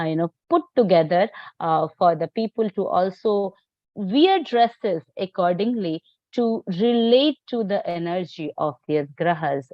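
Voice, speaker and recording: Halting woman teaching astrology, dull dry sound. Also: lowish voice, no room sound. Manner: halting, many fillers and restarts. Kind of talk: live online class lecture.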